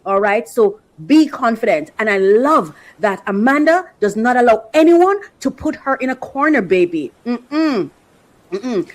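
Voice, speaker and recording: Emphatic higher-voiced woman podcast host. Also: expressive, measured pace, low-quality recording. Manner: emphatic, repeats phrases for rhythm, drops affectionate asides. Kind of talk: opinionated commentary.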